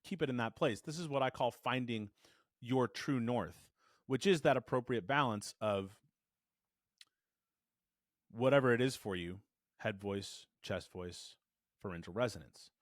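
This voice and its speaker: Animated male voice coach, dry close mic. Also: medium pitch, measured pace, long pauses, no echo. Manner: animated, demonstrative, shifts resonance to show it. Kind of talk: spoken voice lesson to camera. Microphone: studio microphone.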